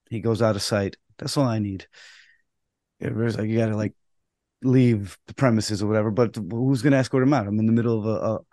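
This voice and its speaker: A man's voice: lowish voice, dry recording. A man co-hosts a casual podcast and tells his umpiring stories with energy, acting out both sides of each argument. He swears now and then without thinking about it. The sound is dry and close, with no room around him. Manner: animated storytelling, acts out both sides of quarrels.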